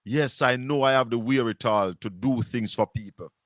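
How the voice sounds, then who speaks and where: A man's voice: mid-range voice, moderate pace, no echo, clean studio sound. A man with a Jamaican accent hosting a livestream, delivering a preachy, emphatic monologue with scripture quotes. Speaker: show host.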